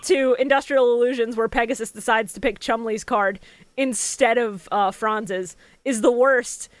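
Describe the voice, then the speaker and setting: A young woman co-hosting a podcast in casual chat, excitable and swearing freely. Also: fairly high pitch, normal speed, no echo. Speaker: podcast co-host.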